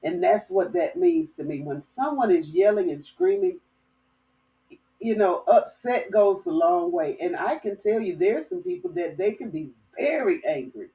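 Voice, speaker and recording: A woman from Florida telling a lively story as host of a dating advice talk, with folksy phrasing. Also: mid-range voice, a little slow, far from the mic, rough recording. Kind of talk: casual storytelling monologue.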